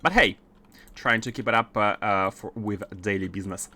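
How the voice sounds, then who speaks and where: A man's voice: lowish voice, moderate pace, pushed and bright. A man streaming a factory-building game, thinking aloud in casual commentary with lots of fillers and restarts, keyboard typing behind him. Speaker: gaming streamer.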